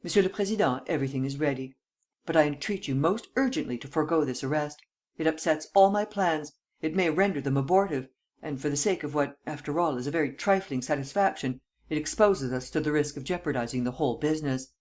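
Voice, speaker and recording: A reader voicing a calm, self-assured male chief detective in an audiobook. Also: medium pitch, lightly acted. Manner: calm, measured. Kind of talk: audiobook reading.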